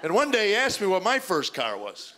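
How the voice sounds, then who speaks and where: A middle-aged man performs stand-up on stage before a live audience, his high, bright, forceful voice swooping wildly in pitch at a slightly fast pace. He tells stories and imitates other people's voices, and the noisy live recording picks up a faint crowd and audience laughter.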